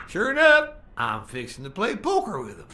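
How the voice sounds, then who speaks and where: A man's voice: sits high, sharp tone, exaggerated voice. A man voicing a brash, folksy, boisterous figure in a game set in 1950s New York. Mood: jovial. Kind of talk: video game voice acting.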